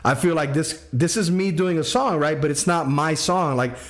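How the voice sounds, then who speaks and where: A man's voice: fairly high pitch, normal speed. A man hosting a casual livestream as a music producer, joking and rambling in slangy talk full of fillers. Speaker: music producer streaming feedback. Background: music playing.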